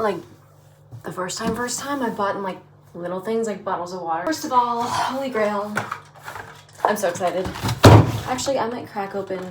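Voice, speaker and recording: American girl in her 20s rambling to her camera, like like like, noisy audio. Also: mid-range voice. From United States. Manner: chatty, full of "like" fillers and laughs. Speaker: vlogger, study abroad student. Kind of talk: casual vlog chat. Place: apartment and streets. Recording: noisy handheld vlog audio.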